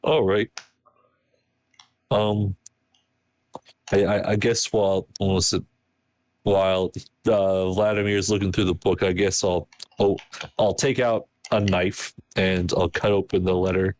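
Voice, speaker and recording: A man playing a tabletop game, thinking aloud in an unhurried way. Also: deep voice, level tone, darkish tone, no room sound. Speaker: player.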